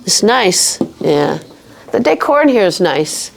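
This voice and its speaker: A woman's voice: medium pitch, very animated, slow, vocal fry, slight background noise. A woman guest on a podcast telling her personal faith story in an earnest, reflective way, often restarting her sentences. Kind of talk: personal faith testimony in casual talk.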